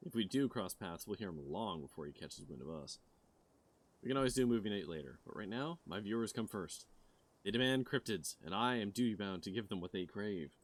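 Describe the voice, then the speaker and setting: A man's voice: fairly low pitch, expressive, brisk. A man voicing a chirpy young monster-hunting vlogger woman. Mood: eager. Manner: chirpy, presenter-like. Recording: music playing behind.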